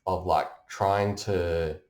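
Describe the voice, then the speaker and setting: A man's voice: low voice, fairly even intonation, extremely slow, a little mellow. A man from Taiwan, an astrologer, explaining things casually in a rambling, conversational way. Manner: rambling and conversational, with many fillers. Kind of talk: casual explanation during a chart reading. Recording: roomy echo.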